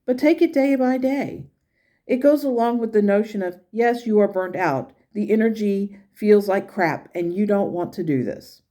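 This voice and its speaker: Blunt pushy spirit guide, pitched up high, mellow tone, read out by a woman. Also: moderate pace, lightly acted. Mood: encouraging. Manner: blunt, encouraging, exasperated at times. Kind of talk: reading channeled messages aloud.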